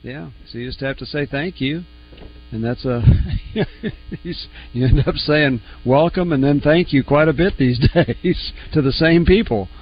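A man's voice: on the high side, a little slow. Easygoing male radio co-host. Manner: easygoing, thinking aloud. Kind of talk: casual sports radio talk. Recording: muffled studio audio with faint noise.

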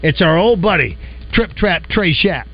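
A man's voice: high-pitched, lively intonation, highs cut off. A man hosting a morning radio show with playful, teasing comedic banter. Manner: playful, teasing, quick laughs.

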